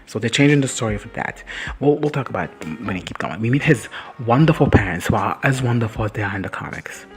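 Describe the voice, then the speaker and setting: A man's voice: mid-range voice, expressive, fast, soft background music. A man casually recapping and reacting to a TV episode, rambling and sassy, swearing freely and laughing often. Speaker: reaction video host.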